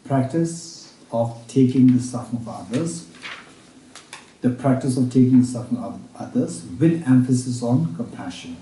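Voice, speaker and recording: His voice is mid-range and warm as he guides a Buddhist retreat. He dictates every point slowly, says it again, stumbles into fresh starts and pauses to check on his audience. The room sounds spacious, and the mic is some distance from him.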